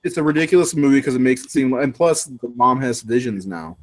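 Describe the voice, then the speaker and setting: A man co-hosting a casual chat, talking in a chatty way and quick to correct the others. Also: mid-range voice, lively intonation. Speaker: podcast co-host.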